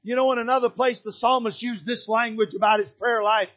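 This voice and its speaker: An older man from Michigan preaching a sermon from a church pulpit, swinging between shouted exhortation and hushed, soft emphasis. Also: very high voice, fairly even intonation, a little fast. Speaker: pastor.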